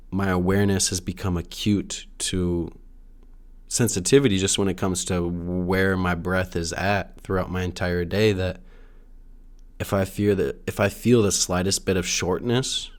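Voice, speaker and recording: A young man talking alone in a casual, rambling monologue, full of restarts and fillers and the odd swear word. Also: sits low. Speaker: solo podcaster. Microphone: no camera, audio only.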